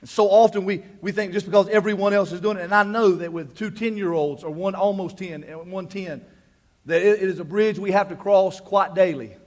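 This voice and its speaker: High-voiced preacher, emphatic and repetitive. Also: male voice, fairly quick. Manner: emphatic, repeats words when fired up; swings from hushed asides to loud declarations. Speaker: pastor. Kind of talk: sermon. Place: church sanctuary.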